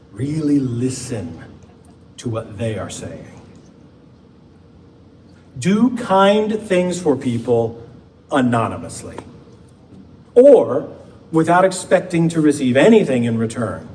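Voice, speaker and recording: A man, a pastor, preaching a conversational sermon with playful asides and slow emphatic pauses in a church. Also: fairly high pitch, darkish tone. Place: church sanctuary. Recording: distant mic with faint background noise.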